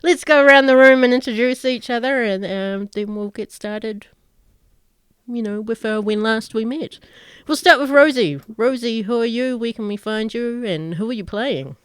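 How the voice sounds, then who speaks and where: A woman game master hosting her stream over an online call, bubbly and playfully bossy, quick to laugh. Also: a little high, smooth, no room sound, studio quality. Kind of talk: casual stream chat, introducing players.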